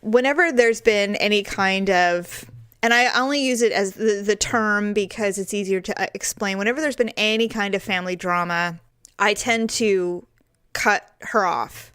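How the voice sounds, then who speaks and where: A middle-aged woman co-hosting a podcast, chatting casually and acting out quoted voices in an animated way. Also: medium pitch, moderate pace, smooth, no echo, studio quality. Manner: animated storyteller, acts out quoted voices with big jumps. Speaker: podcast co-host. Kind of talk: casual chat.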